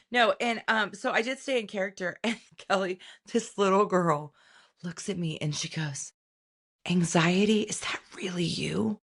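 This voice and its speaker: A middle-aged woman co-hosting a podcast, chatting casually and telling animated stories with sudden high-pitched acted-out moments. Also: unhurried, breathy edge. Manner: animated storytelling, jumps into high excited voices when acting out scenes. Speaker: podcast co-host. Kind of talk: casual chat.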